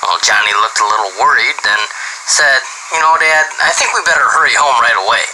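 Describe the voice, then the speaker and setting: A man reading dirty jokes aloud as an animated storyteller who starts many lines with "well". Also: mid-range voice, a little fast, slight background noise, rough recording.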